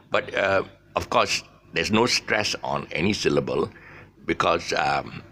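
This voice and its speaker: Rambling man with a gravelly voice. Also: deep voice, expressive, measured pace, bright, forceful tone, a little hiss or hum. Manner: rambling, many fillers and restarts. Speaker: English teacher. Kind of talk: casual spoken English lesson.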